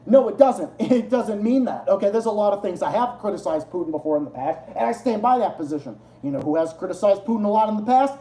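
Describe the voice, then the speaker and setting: A man's voice: sits high, animated, quick pace, few pauses, dark tone. A man hosting a casual livestream, rambling and swearing, often laughing at his own jokes. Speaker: livestream host. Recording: roomy echo.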